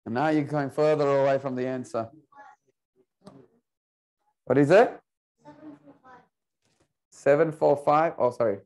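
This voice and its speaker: A man teaching an Arabic class online, playful and coaxing, repeating words slowly for his students. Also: mid-range voice, fairly even intonation, a little mellow.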